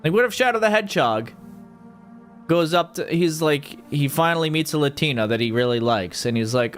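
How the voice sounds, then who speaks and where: A man's voice: on the high side, animated, moderate pace, a bit bright, faint music behind. A man streaming casually, rambling and joking about games and mocking himself. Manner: rambling, jokey, self-mocking. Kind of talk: casual livestream chat.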